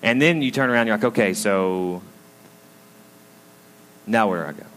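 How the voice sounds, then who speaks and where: Storytelling pastor in an echoing hall. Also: male voice, lowish voice, moderate pace, fairly bright tone. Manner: storytelling, draws the congregation in with frequent asides. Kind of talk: conversational sermon. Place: school auditorium used as a church. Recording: long hall reverb.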